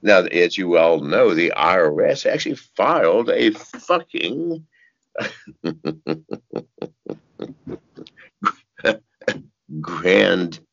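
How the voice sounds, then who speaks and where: An older man with a deep, gravelly, husky voice, talking slowly and cursing freely. He tells his stories in bursts, with sudden leaps up in pitch and chuckles along the way. The audio is dull and lo-fi. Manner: profane, animated storytelling with sudden high shouts and laughs. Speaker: interview guest. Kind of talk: casual interview talk.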